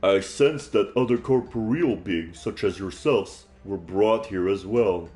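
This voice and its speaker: A man voicing a benign ghost, giving measured, formal warnings in game dialogue. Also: fairly low pitch, warm tone, soft background music, natural voice. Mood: ominous. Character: benign ghost, calm and ominous. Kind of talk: game dialogue read aloud.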